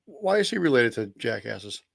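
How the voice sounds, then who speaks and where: A man's voice: medium pitch, big pitch swings, moderate pace, vocal fry, dry recording. Wisecracking male podcast co-host, dry sound. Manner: wisecracking, teasing. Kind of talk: casual chat.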